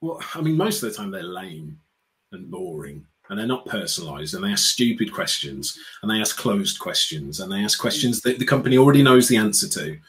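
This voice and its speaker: A fairly quick, lowish, sing-song male voice comes through on a low-quality recording. He's an outspoken British man from the UK, a customer experience speaker appearing as an interview guest, and he talks sarcastically while acting out little quotes in an animated chat.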